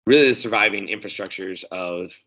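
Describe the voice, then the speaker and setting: A man co-hosting a casual history podcast, quick with quips and laughs. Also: fairly low pitch, sharp tone. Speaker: podcast co-host. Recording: dull lo-fi sound.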